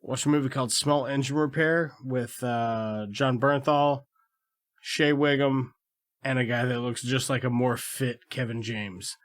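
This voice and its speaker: A man's voice: mid-range voice, fairly even intonation, a little slow. A man co-hosting a podcast in casual chat, joking around with lots of swearing. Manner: profane, joking banter. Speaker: podcast co-host.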